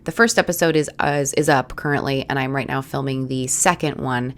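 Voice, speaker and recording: A young woman talks over her art footage in a relaxed, rambling way, full of little restarts and "like"s. Her voice is low and raspy from a head cold. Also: a little fast. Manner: rambling, casual, many "like"s and restarts. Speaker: art channel host.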